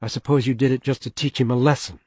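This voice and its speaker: A fierce young woman in an audiobook, sharp and accusing, her voice raised and a little husky, as a male narrator puts her on. The reading is dry and close, with no room around it. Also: mid-range voice, fairly even intonation, quick pace, dry recording, lightly acted. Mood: angry, accusing. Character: young woman, furious and indignant.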